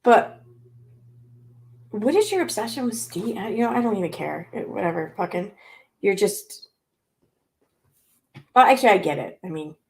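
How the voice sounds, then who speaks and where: A woman's voice: mid-range voice, animated, normal speed, long pauses. A woman hosting a commentary channel, reacting to clips with sarcastic, exasperated rants full of swearing.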